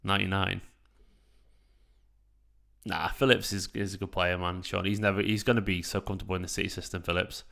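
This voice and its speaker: Gravelly low-voiced man. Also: little pitch movement, brisk, long pauses, a bit bright. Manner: casual and sweary, reading out chat messages. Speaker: fan channel host. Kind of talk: live watchalong chat.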